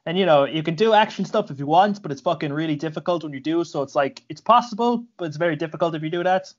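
A man's voice: on the high side, quick pace, muffled recording. A man, a jiu-jitsu practitioner, chatting casually and telling stories with lots of swearing. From Ireland. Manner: animated, profane storyteller. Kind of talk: casual chat.

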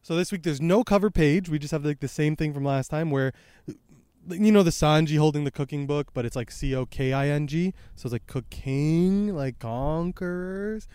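A man's voice: fairly high pitch, normal speed, warm tone, clear, resonant tone, no echo. A young man hosting a podcast, recapping a comic chapter in a rambling, laid-back way with lots of fillers, recorded outdoors by a creek on a microphone exposed to wind. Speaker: podcast host. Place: outdoors by a creek and tree line. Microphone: handheld microphone exposed to wind.

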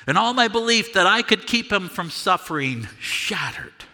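A man performing a first-person monologue as the Apostle Peter, earnest and confessional, halting over repeated words. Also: high-pitched, expressive, sharp tone, big-room sound, full character voice. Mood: anguished. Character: Apostle Peter, a remorseful fisherman recounting his denial. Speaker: dramatic monologue performer at a church service. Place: church sanctuary.

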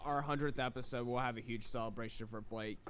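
A man's voice: medium pitch, steady tone, fast talker, a bit bright, slight background noise. A young man co-hosting a sports podcast, laid-back and teasing in casual chat. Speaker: podcast co-host.

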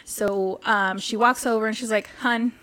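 A woman hairstylist co-hosting a podcast, telling a story in a lively, chatty way, acting out voices and laughing often. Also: medium pitch, normal speed. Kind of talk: casual storytelling chat.

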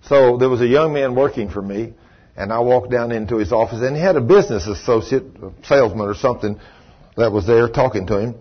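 A man's voice: mid-range voice, a little fast, breathy edge, dull audio. A man preaching a storytelling sermon in a conversational way, full of "you know".

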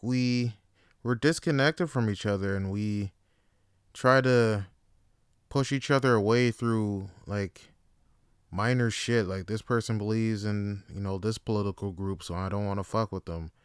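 Smooth-voiced man riffing profanely. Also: fairly low pitch, measured pace, no room sound, studio quality. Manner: profane, rambling, deadpan asides. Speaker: podcast host and comedian. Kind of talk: casual comedic monologue.

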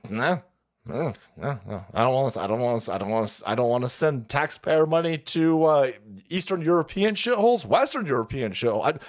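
A man hosting a political livestream, ranting in a foul-mouthed, sarcastic way with shouted outbursts. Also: mid-range voice, animated, brisk. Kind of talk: profane political rant.

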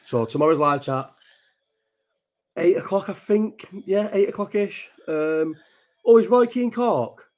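A man's voice: sits high, animated, a little slow, darkish tone. Man, live-chat host, rambling, casual, swears a lot. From Bolton, England. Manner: rambling and chatty, swears freely. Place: at home at night, child nearby.

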